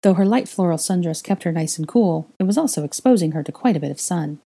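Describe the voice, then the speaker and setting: Husky, mellow woman reading aloud. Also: on the low side, animated, fast. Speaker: reader. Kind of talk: fan fiction audiobook narration.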